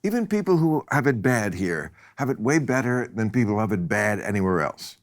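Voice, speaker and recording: A man's voice: on the low side, very animated, fairly quick. An older man hosting a podcast, chatting casually in a blunt, wry way and laughing often. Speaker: podcast host. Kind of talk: casual chat.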